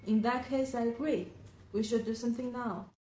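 A woman's voice: on the high side, steady tone, normal speed, dark tone, natural voice. A woman playing a committee member who speaks in an earnest, insistent way. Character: persistent female committee member. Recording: roomy recording, faint noise.

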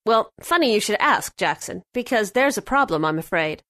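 A woman's voice: medium pitch, animated, moderate pace, fairly bright tone, dry recording, close to an everyday voice. A woman playing a polite businesswoman on the phone. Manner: polite, careful phone manner. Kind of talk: scripted dialogue for a language lesson.

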